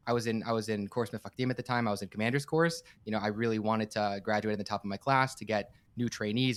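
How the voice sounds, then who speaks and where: A man, a podcast guest, telling a personal story in an earnest, heartfelt way with frequent restarts. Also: fairly low pitch. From United States. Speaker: podcast guest, campus director and startup coach.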